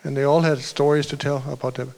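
Rambling male pastor, slightly high voice. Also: level tone, quick pace, creaky, darkish tone. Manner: loose storytelling, restarts and asides. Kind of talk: sermon.

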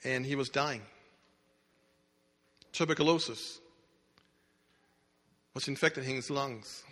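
A man's voice: medium pitch, slow pace, bright, forceful tone. A man preaching a sermon, telling a story dramatically with emphatic restarts. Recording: echoey hall reverb.

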